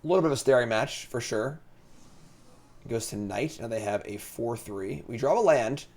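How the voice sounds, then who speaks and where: Guy streaming a card game, gravelly voice, just thinking out loud casually. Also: mid-range voice, normal speed. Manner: thinks aloud, relaxed and chatty.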